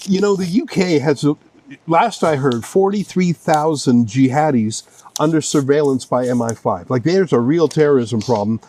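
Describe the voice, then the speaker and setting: A man's voice: fairly high pitch, moderate pace, warm tone, a little hiss or hum. A man interviewing a guest in a conversational interview, reacting with incredulous exclamations.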